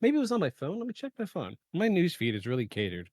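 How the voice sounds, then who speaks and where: A man hosting a live podcast in casual chat, rambling with many fillers and clearing his throat from allergies. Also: on the high side, wildly swooping pitch, fast, a little mellow, no echo. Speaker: podcast host. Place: home setup in the eastern US.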